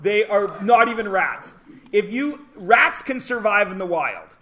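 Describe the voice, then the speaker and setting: Animated, joking male math teacher. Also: high voice, measured pace. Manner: loud, joking rants with sudden shouts. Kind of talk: animated classroom lecture. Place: classroom.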